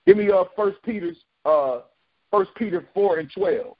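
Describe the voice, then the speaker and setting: A man's voice: high-pitched, unhurried, breathy edge. Man leading a phone bible study. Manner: preachy, repeats phrases for emphasis. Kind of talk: conference call bible study. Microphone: phone conference call. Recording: dull lo-fi phone call.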